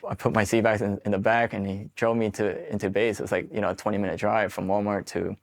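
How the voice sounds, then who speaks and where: Speaking fast in a low-leaning, level voice, this Queens-born man in his forties tells his own military stories as a Marine veteran guest on a laid-back interview. He's candid and profane, and he plays out the back-and-forth of quoted conversations.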